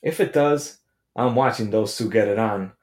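A podcast host delivers a comedic monologue as a brash, profane rant while telling a funny story. His voice is fairly low and darkish, at a moderate pace, and the recording is reverberant.

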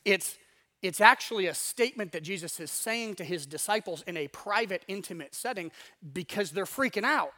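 A male pastor preaches with a fairly high voice and a lively, animated delivery. He speaks conversationally, repeats words as he restarts thoughts, and leans into points for emphasis. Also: normal speed. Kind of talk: sermon.

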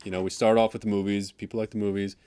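A man's voice: on the low side, level tone, racing, mellow, clean tone, dry recording, clean studio sound. A man co-hosting a casual chat show, joking and rambling with mock outrage. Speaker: podcast co-host.

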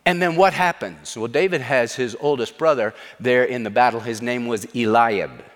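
A man's voice: mid-range voice, moderate pace, big-room sound. A middle-aged man, a pastor, preaching a sermon with emphatic, repetitive delivery.

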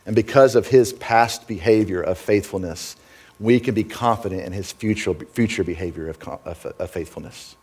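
A man's voice: on the low side, normal speed, a little mellow, husky. A middle-aged man preaching a sermon as pastor, earnest and conversational, often checking in with "right?".

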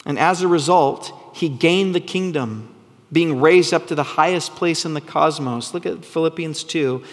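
A man preaching a sermon, earnest and full of rhetorical questions, sometimes dropping to a hushed voice for emphasis. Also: fairly high pitch, moderate pace, in a large hall. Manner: drops to a hushed, soft voice for emphasis. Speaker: pastor.

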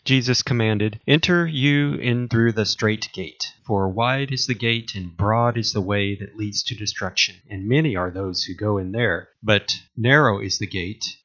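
A man preaching, reading a long series of scripture commands aloud in a measured, solemn way. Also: on the low side, a bit bright. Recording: dull lo-fi recording.

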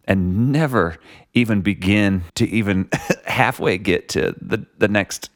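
A man's voice: lowish voice, measured pace, no echo, studio quality. A man talking reflectively in a casual conversation, rambling with lots of "like" and "you know". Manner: reflective, rambling, many likes and you knows.

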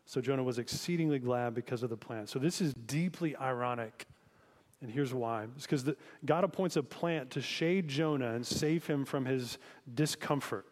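A man's voice: mid-range voice, normal speed, in a large hall. A man preaching a sermon as pastor, in a conversational way, asking listeners reflective questions.

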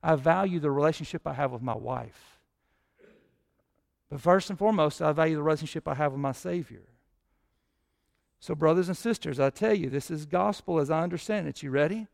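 A man preaching a sermon as pastor, his voice swelling louder and higher when he prays. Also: brisk, creaky, pauses often.

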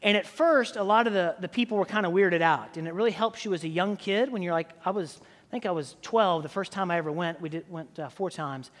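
A man preaching a sermon as pastor, telling stories in a relaxed, conversational way with frequent fillers and restarts. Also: high-pitched, a little fast, in a large hall.

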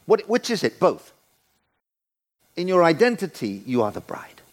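Lively, animated older man preaching. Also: a little high, moderate pace. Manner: animated, playful, acts out quoted voices. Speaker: guest preacher. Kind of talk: sermon. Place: church.

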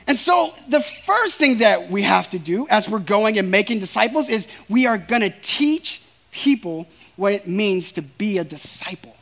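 A man's voice: high voice, very animated, moderate pace, gravelly, a bit bright. A man preaching a sermon in an earnest, emphatic way, speaking straight to his listeners.

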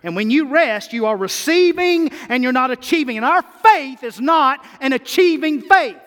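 A man preaching a sermon as a pastor, swinging between loud emphasis and quick quiet stretches. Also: very high voice, expressive. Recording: long hall reverb.

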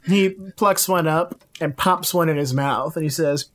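A woman narrating a tabletop game as game master, relaxed and laughing often. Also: sits low, measured pace.

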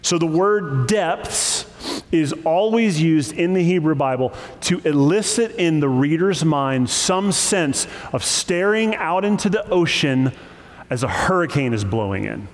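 Lively preaching man, echoing hall. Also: a little high, unhurried. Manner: lively and emphatic, with joking asides. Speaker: pastor. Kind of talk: sermon.

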